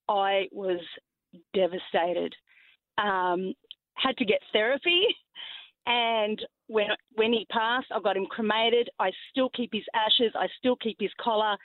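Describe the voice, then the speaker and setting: A woman calling in to a radio show, talking in an earnest, emotional, halting way. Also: mid-range voice, no room sound. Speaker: caller. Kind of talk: phone-in call. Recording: tinny phone line.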